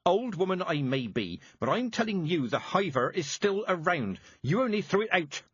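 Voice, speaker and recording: A man voicing a stern, sharp-tongued old woman witch who scolds bluntly and briskly. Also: on the high side, expressive, breathy edge, dry recording, highs cut off, pitched above the performer's own voice. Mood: fierce.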